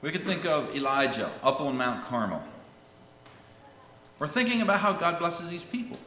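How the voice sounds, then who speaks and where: A man preaching a sermon, swinging from loud calls to hushed lines, and reading scripture in old-fashioned wording. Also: on the high side, very animated, normal speed, slight background noise. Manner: reads scripture in King James wording. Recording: echoey hall with long reverb.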